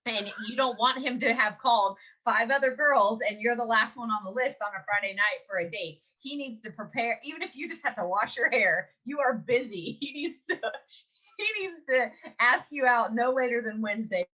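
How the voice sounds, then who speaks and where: A woman in her forties from Mississippi, co-hosting a podcast and telling a story in a lively, chatty way, laughing often and acting out what people said. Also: fairly high pitch, normal speed. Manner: animated, laughs often, acts out quotes. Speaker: podcast co-host. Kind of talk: casual storytelling chat.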